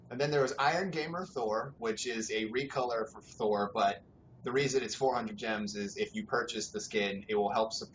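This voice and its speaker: Casual young man hosting a gaming podcast. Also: lowish voice. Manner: relaxed, rambling, swears freely, laughs often. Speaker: podcast host. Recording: dull lo-fi sound, faint background noise.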